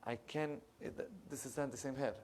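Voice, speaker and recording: Impassioned rabbi preaching a sermon. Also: male voice, mid-range voice, steady tone, normal speed, a little hiss or hum. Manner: impassioned, rising loud when telling stories, dropping to soft asides; searches for English words mid-sentence. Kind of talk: sermon with storytelling. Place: synagogue.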